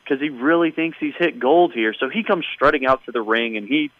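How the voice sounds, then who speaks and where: A man hosting a casual podcast chat, recapping events as an animated storyteller with wry asides. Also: medium pitch, fairly quick, dry recording, narrow, tinny audio.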